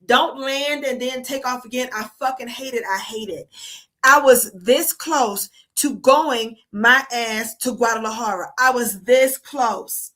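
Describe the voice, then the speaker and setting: Woman, from the United States, livestream host, high voice, bright tone, profane, emphatic. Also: unhurried. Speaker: streamer host. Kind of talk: casual livestream rant.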